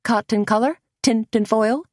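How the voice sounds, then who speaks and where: A woman's voice: fairly high pitch, moderate pace, no echo, clean studio sound, pitched above the performer's own voice, lightly acted. Woman reading as a giddy hairdresser man who coos and gushes. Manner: cooing, giddy.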